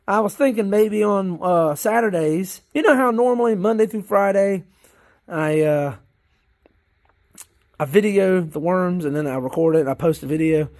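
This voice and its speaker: A man with a Southern US drawl talks in a folksy, wandering way as he checks on his worm bins outdoors. His voice sits high for a man. The sound is dry, with no room echo. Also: darkish tone. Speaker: worm farmer vlogger. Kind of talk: casual chat.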